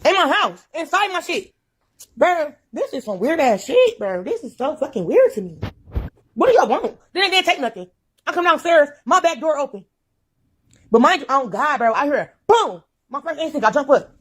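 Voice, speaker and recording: A woman's voice: sits high, sing-song, moderate pace, a bit bright. A woman in a played video clip, ranting furiously with constant cursing and repeating herself in agitation. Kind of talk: furious profane rant.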